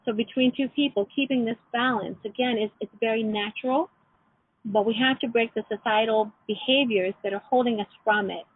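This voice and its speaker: A middle-aged woman leading an online class, telling personal stories in a gentle, reflective way. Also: a little high, a little fast, husky, no room sound. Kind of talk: teleclass lesson with personal stories. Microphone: phone or computer call. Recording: tinny phone line.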